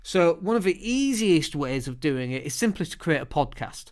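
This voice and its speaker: A British man hosting a solo podcast, talking in a chatty, lively way into a studio microphone and often restarting his words. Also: fairly high pitch, moderate pace. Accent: British English. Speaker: podcast host.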